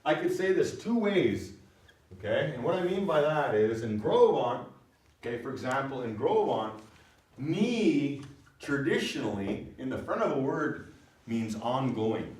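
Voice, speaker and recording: Guy teaching a language class, lively up-and-down voice, echoey room from a distance. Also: mid-range voice, a little slow. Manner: lively, explains patiently with frequent checks for understanding. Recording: echoey room, recorded from far off.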